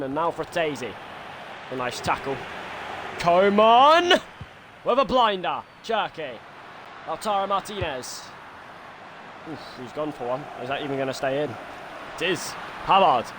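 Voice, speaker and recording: A man streaming a football video game, doing his own match commentary that swings from quiet musing to shouted goal calls. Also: a little high. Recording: noisy background ambience.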